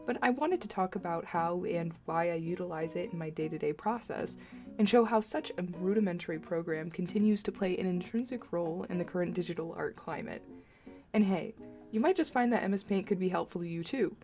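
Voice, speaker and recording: A woman's voice: fairly low pitch, fairly quick, dark tone, faint music behind. A young woman narrating a scripted art video in a playful, mock-dramatic and sarcastic way.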